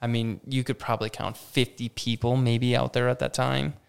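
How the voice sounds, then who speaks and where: A man's voice: medium pitch, normal speed, vocal fry, clear, resonant tone. A young adult man, a campground operations manager, telling a story in a conversation and acting out what people said. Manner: animated, retells with quoted voices and many "like"s.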